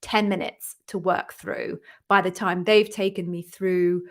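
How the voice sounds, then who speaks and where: A woman's voice: fairly low pitch, flat delivery, measured pace. A woman coaching viewers in a chatty live-stream Q&A, upbeat and encouraging. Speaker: interview coach hosting a live Q&A.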